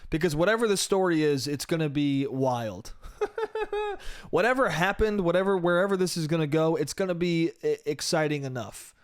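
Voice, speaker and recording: A man's voice: on the high side, sing-song, moderate pace, clean tone, no room sound, clean studio sound. A man hosting his own solo comedy podcast, telling stories in a loose, swearing way and laughing at his own jokes. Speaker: podcast host.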